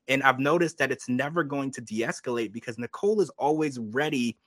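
A man hosting a podcast, chatting casually and giving his opinions while quoting people in quick asides. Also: medium pitch, expressive, a bit bright, no echo. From United States. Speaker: podcast host. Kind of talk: casual recap chat.

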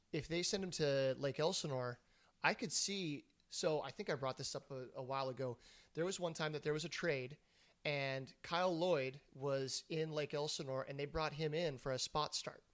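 A man's voice: on the high side, moderate pace. A man co-hosting a podcast, chatting casually and thinking aloud with restarts. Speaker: podcast co-host. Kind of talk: casual chat.

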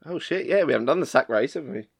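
A man's voice: a little high, expressive, quick pace, creaky, breathy edge. Wry man in casual chat. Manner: dry, wry, laughs often.

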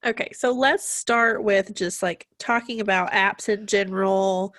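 A woman's voice: medium pitch, fairly even intonation, a little slow, fairly bright tone, dry recording, studio quality. Chatty woman, allergy-stuffed. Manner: chatty, bubbly, says "like" often. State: congested from allergies. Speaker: podcast co-host. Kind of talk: casual podcast chat.

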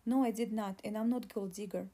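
A woman's voice: mid-range voice, steady tone, a little fast, warm tone, lightly acted. A woman voicing a pregnant young woman who pleads and argues in an audiobook reading. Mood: pleading. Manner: pleading, insistent.

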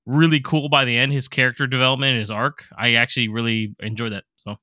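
Bright-voiced, profane guy telling stories. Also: medium pitch, fast talker, dry recording, studio quality. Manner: profane, animated storytelling. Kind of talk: casual chat.

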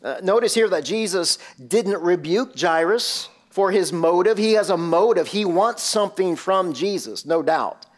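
A man's voice: sits high, expressive, a little slow, few pauses. A male pastor preaching a sermon, emphatic and full of rhetorical questions.

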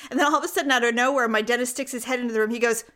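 A woman's voice: a little high, rapid-fire, fairly bright tone. A woman co-hosting a podcast, chatting casually and acting out the people in her stories. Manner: chatty storyteller, acts out quotes. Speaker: podcast co-host. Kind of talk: casual chat.

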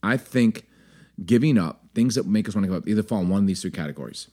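Male podcast co-host, playful, laughs a lot, lively pitch swings. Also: quick pace. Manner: playful, laughs often, chatty. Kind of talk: casual chat.

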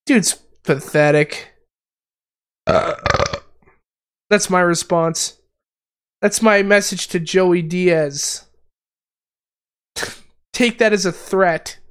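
A man from Canada hosting a podcast in casual chat, high on mushrooms, rambling and giggling with slangy talk. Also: drawn-out words, long pauses, clean tone. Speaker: podcast host.

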